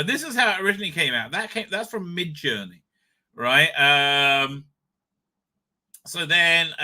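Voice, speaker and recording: A man hosts a casual live stream in a high, piercingly bright voice. He rambles, swears freely and stumbles over stammered fillers.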